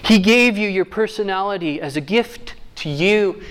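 A man with a fairly high voice preaching a sermon. He reads scripture in slow, weighty phrases and then slips into easy, joking asides. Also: clear, resonant tone. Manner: reads scripture slowly, then jokes warmly with the crowd.

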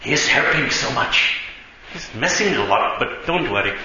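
A man's voice: medium pitch, animated, moderate pace, background noise, lightly acted. A man voicing a grateful young wife who speaks in simple, earnest phrases. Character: grateful young wife reporting on her husband. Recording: echoey lo-fi hall recording.

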